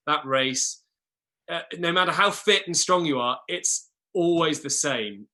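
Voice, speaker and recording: A man's voice: fairly high pitch, sharp tone. A man in his thirties, a former rower, talking in a casual conversation with many restarts and repeated words. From England. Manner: hesitant, repeats words at the start of phrases. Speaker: guest, former Olympic rower.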